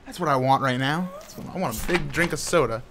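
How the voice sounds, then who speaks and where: A young man doing casual, rambling gameplay commentary as a gaming YouTuber, frustrated and sometimes yelling at the game. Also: fairly high pitch, a little fast, background noise.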